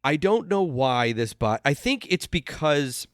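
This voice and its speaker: A man hosting a casual podcast chat, talking haltingly with frequent restarts and sighs. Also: a little high, very animated, no echo, clean studio sound. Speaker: podcast host.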